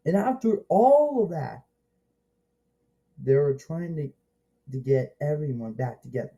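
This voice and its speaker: Man, casual movie reviewer, slow rambling delivery with lots of restarts, very dark mellow tone. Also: a little high, highs cut off. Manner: rambling and halting, with many restarts and excited exclamations.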